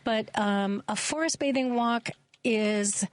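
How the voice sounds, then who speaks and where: A woman's voice: on the high side, slow pace. A woman being interviewed on a radio talk show as a forest therapy guide, speaking earnestly and hesitating with many ums.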